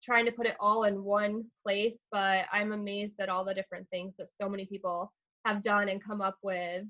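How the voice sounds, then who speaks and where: A woman's voice: mid-range voice, little pitch movement, normal speed. A woman school counselor as a podcast guest, earnest and explaining things step by step with fillers. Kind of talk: casual podcast interview. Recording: slightly dull, lo-fi sound.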